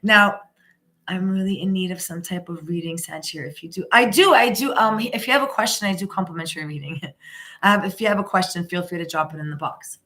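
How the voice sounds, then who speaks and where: A woman's voice: fairly low pitch, fairly quick, bright, forceful tone. A woman giving a casual live tarot reading, rambling and emphatic, with frequent restarts. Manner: rambling, with many restarts and repeated "you know"; emphatic and encouraging. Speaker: tarot reader.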